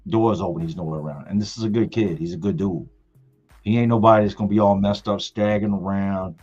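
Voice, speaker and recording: A man's voice: lowish voice, fairly even intonation, quick pace, darkish tone, slightly rough. A middle-aged man telling a story from his family on a live stream, emphatic and repeating words for effect. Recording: dull lo-fi sound with faint music.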